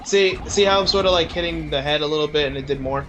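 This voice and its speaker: A man narrating his own gameplay in a casual let's play, chatty and quick to laugh as he explains what he is doing. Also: a little high, a bit bright, soft background music. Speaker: let's play host playing the game. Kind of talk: casual game commentary.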